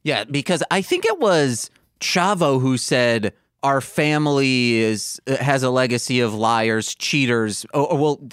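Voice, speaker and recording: A man's voice: medium pitch, a little slow, few pauses, a bit bright, smooth, dry recording, studio quality. A man co-hosting a podcast, joking and retelling stories playfully in casual banter. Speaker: podcast co-host.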